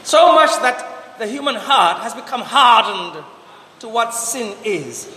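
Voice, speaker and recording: Guy preaching, high bright voice, big echoey hall, keeps asking questions then slow punchy commands. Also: animated, slight background noise. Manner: repeats rhetorical questions and slow emphatic commands. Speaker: priest. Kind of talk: sermon.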